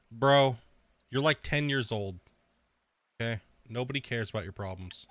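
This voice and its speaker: A man's voice: mid-range voice, normal speed, pauses often, a bit bright, no room sound, studio quality. A young man streaming a video game in casual chat, trash-talking with heavy profanity, laughing often and rambling with filler words.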